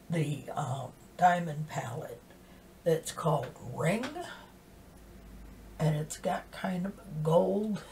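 A woman, chatting casually through a makeup tutorial and often dropping into half-whispers as she works. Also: low voice. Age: 60s. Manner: soft-spoken, drifting into half-whispers while working. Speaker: makeup vlogger. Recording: distant mic with faint background hiss.

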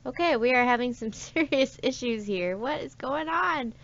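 A woman's voice: sits high, lively intonation, moderate pace, a bit bright, no echo, dull audio. Chatty woman narrating her gameplay. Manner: chatty, rambling with many fillers. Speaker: let's play host. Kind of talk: casual gameplay commentary.

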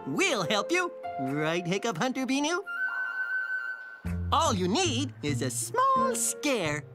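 A woman's voice: a little high, takes it slowly, heavily acted. A woman doing Toopy, a bubbly little boastful mouse. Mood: reassuring. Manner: bubbly and excitable, bragging playfully, laughing often. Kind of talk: children's cartoon acting. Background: music.

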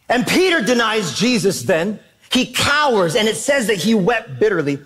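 A man preaching a sermon as pastor, emphatic and animated, asking the congregation questions. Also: high voice.

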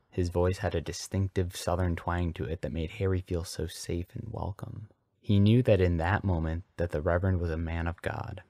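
A man's voice: low-pitched, fairly even intonation, moderate pace, darkish tone, no room sound, studio quality. A man reading a story aloud as a comedic dramatic reading, in a mock-earnest way. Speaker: podcast host reading fanfiction aloud.

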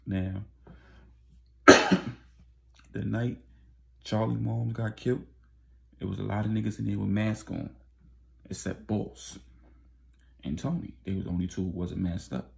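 A man's voice: fairly low pitch, steady tone, measured pace, vocal fry, pauses often. A man casually recapping a street story in slangy, loose speech with many fillers.

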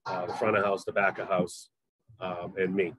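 A man's voice: low-pitched, flat delivery, normal speed, a bit bright, rough recording. A middle-aged man from Massachusetts with a faint Southern accent, a chef chatting casually in an interview, rambling with lots of fillers and restarts.

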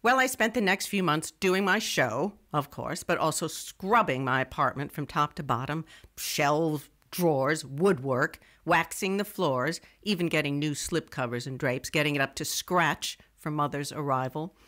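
A wry young radio writer. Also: female voice, low-pitched, unhurried, hardly any pauses, fairly bright tone. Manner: wry, digressive storytelling. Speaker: first-person narrator. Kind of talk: scripted first-person narration.

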